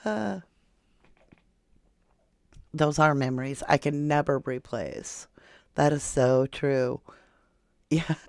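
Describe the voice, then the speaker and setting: A woman's voice: deep voice, takes it slowly, creaky, long pauses, a little mellow, no echo. Chatty woman hosting a true crime stream. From Florida, USA. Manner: chatty, reads viewer comments aloud. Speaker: true crime channel host. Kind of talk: casual livestream chat.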